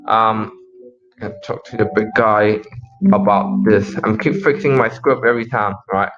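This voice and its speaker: A man's voice: mid-range voice, a bit bright. Casual man walking through a sales script. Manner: casual, repeats phrases, acts out call lines. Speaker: sales trainer. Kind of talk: explaining a cold-call script. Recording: slightly dull lo-fi audio.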